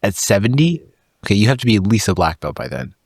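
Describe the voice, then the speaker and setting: A man's voice: lowish voice, expressive, fast talker, no echo, clean studio sound. A man hosting a podcast, chatting casually and teasing his guest. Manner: joking, teasing interjections. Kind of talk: casual conversation.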